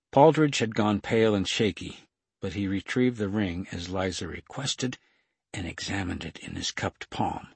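A man narrating an audiobook thriller in a steady, even reading on a close mic. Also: sits low, gravelly, slightly rough, no room sound.

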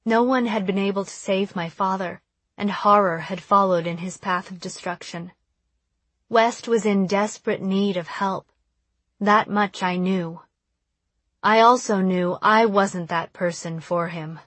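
A woman reading a first-person novel as an audiobook, in a soft, measured, introspective way. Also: mid-range voice, no room sound. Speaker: audiobook narrator.

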